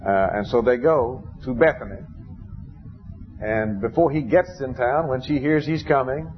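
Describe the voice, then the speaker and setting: A man's voice: medium pitch, a little slow. A man preaching a sermon in an easy storytelling way, now and then bursting out with emphasis. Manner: conversational storytelling, rising to emphatic outbursts. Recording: dull lo-fi recording with faint background noise.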